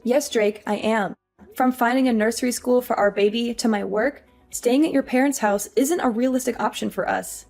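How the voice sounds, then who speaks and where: An actress playing an exhausted young working wife, weary and pleading. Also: female voice, a little high, fairly even intonation, moderate pace, darkish tone, faint music behind, close to an everyday voice. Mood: upset. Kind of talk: audio drama acting.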